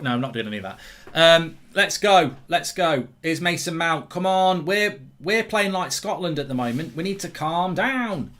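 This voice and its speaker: Young guy, livestream football reactor, slightly high, punchy voice, yells at the game. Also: normal speed. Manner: excitable, shouts at the match, reads chat aloud. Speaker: football watchalong host. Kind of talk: live football reaction stream.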